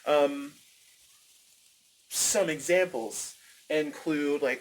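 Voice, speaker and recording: Male vlogger, slightly high voice, rambling and profane, on a phone outdoors with faint noise behind. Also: moderate pace. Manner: rambling, animated, profane, repeats himself. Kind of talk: casual ranting monologue. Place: outdoors, windy.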